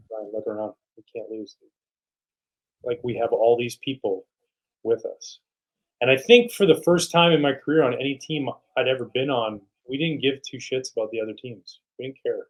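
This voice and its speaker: A middle-aged man, a retired pitcher guesting on a podcast, telling stories in a casual way and acting out teammates' lines. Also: poor audio. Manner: animated, quotes teammates in voices. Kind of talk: casual storytelling.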